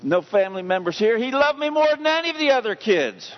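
A man's voice: extremely high pitch, sing-song, fast talker. A man preaching a sermon as pastor, emphatic, putting questions to his congregation. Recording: dull lo-fi recording.

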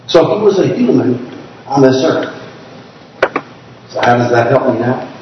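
A man preaching a sermon to his congregation, telling stories, reading scripture slowly and asking listeners to raise their hands. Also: mid-range voice, animated, a little hiss or hum. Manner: slows down to read scripture aloud. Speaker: pastor. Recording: distant, echoey hall, dull sound.

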